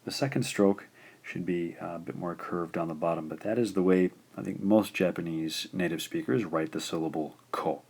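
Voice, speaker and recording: A man with a very low voice gives a patient beginner lesson. He walks through each stroke step by step and repeats syllables slowly and clearly so learners can follow. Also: a little mellow. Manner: slow, deliberate, patient, enunciating syllables. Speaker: Japanese teacher. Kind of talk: instructional explanation.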